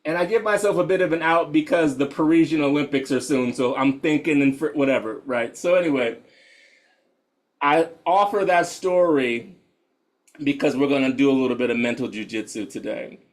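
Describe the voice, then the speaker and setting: Male meditation guide, casual and slangy, voice a touch high. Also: normal speed. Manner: laid-back, slangy, laughs often. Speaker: meditation teacher.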